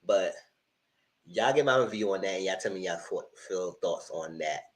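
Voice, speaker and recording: A man giving casual, animated commentary on reality TV, voice only, speaking straight to his viewers in slangy talk. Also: deep voice, moderate pace, rough recording. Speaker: TV review host. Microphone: voice only, no camera.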